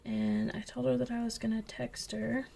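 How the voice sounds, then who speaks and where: A young woman and coloring channel host chatting casually as she tells a story, slipping into whispers when excited. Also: a little high, moderate pace, gravelly. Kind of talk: casual chat while coloring.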